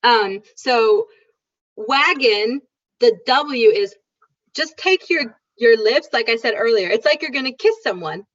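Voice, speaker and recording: A woman's voice: a little high, lively intonation, no echo. Upbeat woman teaching English pronunciation. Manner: upbeat, demonstrative, repeats sounds slowly. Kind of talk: online pronunciation lesson. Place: online video call. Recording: dull lo-fi video call audio.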